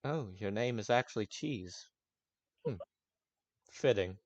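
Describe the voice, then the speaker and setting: Man voicing a grumpy, sarcastic elf with a foul mouth, low voice, dry sound, for a tabletop game. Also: animated, slow pace, no echo, highs cut off. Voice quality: sarcastic, swears often.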